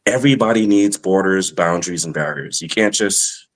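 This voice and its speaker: A man's voice: sits low, normal speed, low-quality recording. A man, a guest speaking plainly and rambling a little in casual chat. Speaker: podcast guest.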